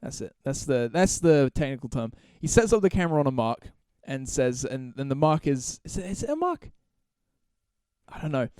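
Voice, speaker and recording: A man's voice: mid-range voice, big pitch swings, normal speed, a little mellow, clean tone, no room sound, clean studio sound. A man hosting a solo podcast, talking casually in long, rambling, profane stretches full of restarts and laughs. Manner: laughs through his stories. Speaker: podcast host.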